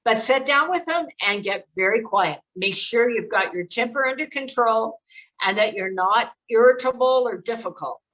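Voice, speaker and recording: A woman's voice: fairly high pitch, expressive, normal speed, fairly bright tone, poor audio. An older woman giving earnest, direct advice to parents in a presentation, with frequent fillers. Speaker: speaker on child exploitation prevention.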